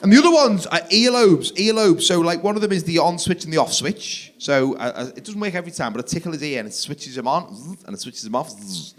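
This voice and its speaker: A man in his forties doing a stand-up comedy set, energetic, jumping to loud shouted punchlines. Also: on the high side, fast talker, few pauses. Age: 40s. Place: theatre stage, live audience.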